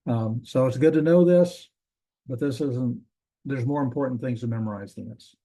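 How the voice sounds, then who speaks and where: A man gives a classroom lecture in a dark, mellow voice. He talks in a loose, rambling way, stopping often to say um and correct himself. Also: medium pitch, moderate pace. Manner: relaxed, rambling, frequent ums and self-corrections. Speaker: Hebrew teacher.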